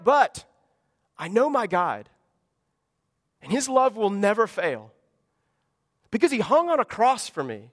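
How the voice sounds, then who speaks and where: A man's voice: high-pitched, sing-song, takes it slowly, pauses often, big-room sound. A man preaching a sermon to his congregation, earnest and conversational, full of rhetorical questions. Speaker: pastor. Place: church service in a school gymnasium.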